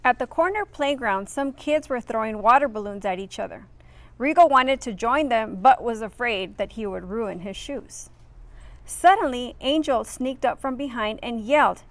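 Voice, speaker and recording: A woman's voice: fairly high pitch, animated, moderate pace, no echo. A woman reading a children's picture book aloud expressively, adding friendly asides for her listeners. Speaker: reader.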